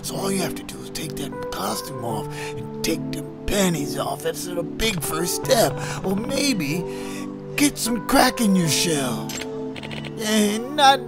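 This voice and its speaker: A man's voice: high voice, animated, measured pace, vocal fry. A man streaming gameplay, riffing and singing goofy lines along with the game's dialogue. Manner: goofy, riffs and sings along with the game dialogue. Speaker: gaming streamer. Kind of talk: live gameplay commentary. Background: game music.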